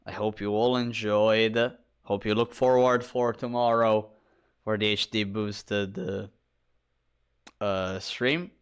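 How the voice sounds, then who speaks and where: Tired, halting man streamer. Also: on the low side, flat delivery, clean tone. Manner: halting, friendly, repeats himself. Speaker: game streamer. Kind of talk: casual stream sign-off.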